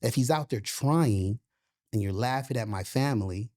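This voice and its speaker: A middle-aged man, a boxing and MMA coach, telling stories in a casual interview, profane and animated, often asking "you know what I'm saying". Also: medium pitch, normal speed.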